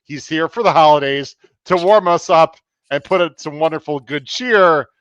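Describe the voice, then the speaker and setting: A man's voice: a little high, moderate pace, a bit bright, no echo, lo-fi sound. A man hosting a live-streamed podcast, chatty and upbeat, reading out viewer comments between topics. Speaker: podcast host.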